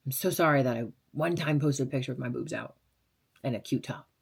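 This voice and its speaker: A woman's voice: rumbling low, fairly quick, vocal fry, slightly rough. Blunt, sarcastic young woman vlogger. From Las Vegas. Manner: blunt, sarcastic, chatty with laughs and fillers. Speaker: radio DJ and vlogger. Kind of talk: casual chat answering viewer questions.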